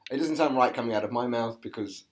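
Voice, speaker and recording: A woman's voice: a bass voice, fast, darkish tone. An English woman co-hosting a podcast, quizzing her co-host in a playful casual chat. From England.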